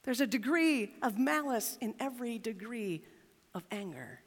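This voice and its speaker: A woman pastor giving a sermon in a church, reading scripture and telling stories with expressive, dramatic delivery. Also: fairly high pitch, moderate pace, in a large hall.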